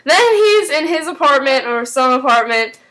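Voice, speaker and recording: A woman's voice: high-pitched, animated, normal speed, a bit bright. A woman casually recapping a TV episode, rambling with lots of fillers. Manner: rambling, full of "like" and "um". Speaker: TV recap vlogger.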